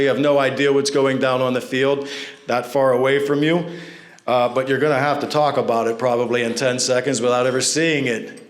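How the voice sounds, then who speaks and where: A man speaking at a fundraising event, telling anecdotes with self-deprecating humor into a stage microphone. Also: mid-range voice. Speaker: NFL referee and guest speaker. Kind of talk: storytelling speech at a fundraiser. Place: large banquet room at an event. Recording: echoey event hall.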